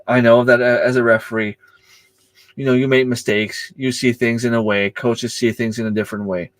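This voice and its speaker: A man who coaches youth soccer, chatting casually on a livestream, telling stories with lots of fillers and acting out the exchanges. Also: no echo. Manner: storytelling, acting out quoted exchanges with rising pitch; hesitant, many fillers and restarts.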